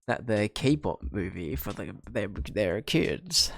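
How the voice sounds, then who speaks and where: A young man with a fairly low voice, talking casually on a game stream. He rambles, pokes fun at himself and restarts sentences as he answers chat. Quiet game music plays behind him. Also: big pitch swings, slow pace, gravelly, few pauses. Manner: rambling, self-mocking, trailing restarts. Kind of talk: casual chat while playing and reading chat.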